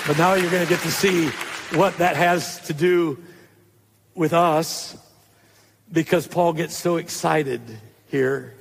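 Excitable high-voiced male preacher. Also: takes it slowly, gravelly, pauses often, in a large hall, some chatter behind, a little hiss or hum. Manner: excitable, preaching to a live congregation. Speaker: pastor. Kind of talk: sermon. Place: church hall.

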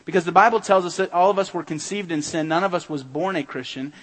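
High-voiced man preaching in a reverberant hall. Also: fast talker, a bit bright. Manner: earnest, urgent preaching with emphatic repetition. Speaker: pastor. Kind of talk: sermon. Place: church sanctuary.

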